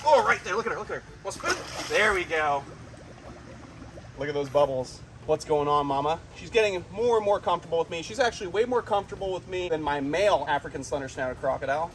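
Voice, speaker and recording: Excitable man vlogging with wildlife outdoors. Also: a little high, background noise. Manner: excited, talks to the animals. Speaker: wildlife vlogger and zoo keeper. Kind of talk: casual outdoor vlog narration. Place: outdoors at animal enclosures and a pond.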